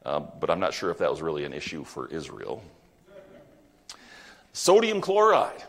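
A man's voice: a bass voice, fast, vocal fry. A man preaching a sermon, earnest and emphatic, sometimes stumbling over his words. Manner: earnest, emphatic, with fillers and wide swings in loudness. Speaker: pastor.

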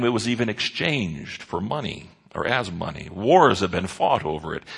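A man's voice: lowish voice, vocal fry, a bit bright, husky. A man preaching a sermon in an earnest way, stressing key words with rises and drops. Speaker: pastor.

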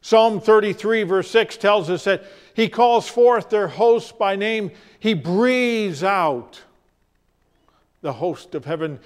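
A man preaching a sermon as pastor, telling stories with deliberate, dramatic pauses. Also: high-pitched, clean tone.

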